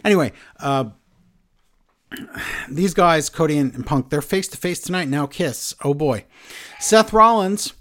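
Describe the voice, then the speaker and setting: A man hosting a casual wrestling podcast, recapping the show in excited, animated bursts. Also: a little high, a little slow, pauses often. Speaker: podcast host.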